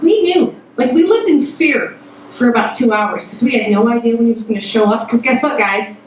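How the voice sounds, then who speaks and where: A woman from Toledo, Ohio, telling a personal story on stage to a live audience, animated and full of swearing, acting out every quote. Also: high voice, fairly quick, noisy background. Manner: profane, animated, acts out quotes. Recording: echoey hall, mic at a distance.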